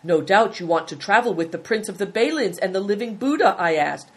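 A woman voicing a calm, sly male servant who speaks formally and deferentially, reading from a storybook. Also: mid-range voice, a little fast, husky.

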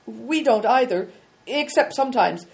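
Brief: earnest, apologetic boy, voiced by a woman narrator, lifted pitch, storybook read. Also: lively intonation, measured pace, vocal fry. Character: polite, eager young boy. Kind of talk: audiobook reading.

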